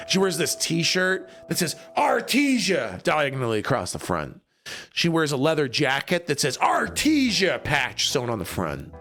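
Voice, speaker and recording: A man narrating a tabletop game on a live stream as game master. He is excitable and breaks into laughter and shouts. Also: a little high.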